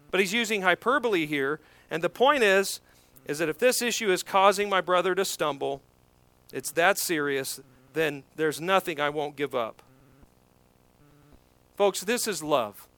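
A man preaching an expository sermon, emphatic, swelling louder on key points. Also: high voice, clear, resonant tone. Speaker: pastor.

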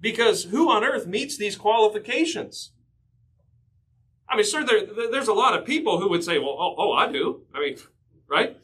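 A man's voice: high voice, animated, normal speed, long pauses, a bit bright, rough recording. A man preaching a sermon, earnestly teaching from scripture and stressing his points with repetition. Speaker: pastor.

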